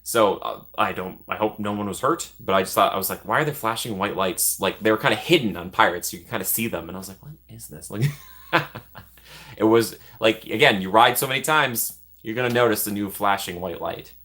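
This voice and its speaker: Young male vlogger, casual and rambling, low pitch but bright tone, quick to laugh at himself. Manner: rambling, self-deprecating, laughs often. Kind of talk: casual chat.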